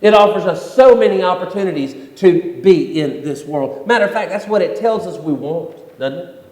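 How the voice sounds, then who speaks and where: Male pastor, a bit high-voiced, casual repetitive preaching, roomy sanctuary. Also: lively intonation, moderate pace, darkish tone. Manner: conversational preaching with repetitions and acted-out quotes. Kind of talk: sermon. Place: church sanctuary. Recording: echoey church hall.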